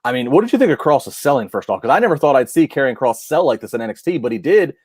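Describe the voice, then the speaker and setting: A man co-hosting a wrestling podcast, giving an animated match recap in casual chat and often restarting his sentences. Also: medium pitch, fast, slightly rough, dry recording, clean studio sound.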